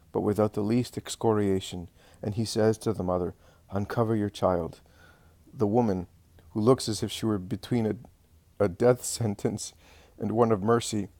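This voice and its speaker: A man giving an earnest, measured scripted reading of a religious narrative. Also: on the low side, warm tone, dry recording.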